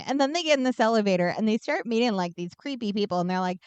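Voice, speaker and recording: A woman's voice: medium pitch, animated, very fast, few pauses, a little mellow, clear, resonant tone, no room sound. A woman podcast co-host giving a casual, sarcastic and profane movie recap.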